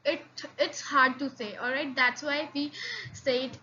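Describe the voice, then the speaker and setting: A language teacher gives an online lesson in a high, bright voice, speaking slowly and haltingly with many fillers and repeats. She drills sounds one at a time through slow repetitions. The lo-fi audio is slightly dull, with faint hiss or noise in the background.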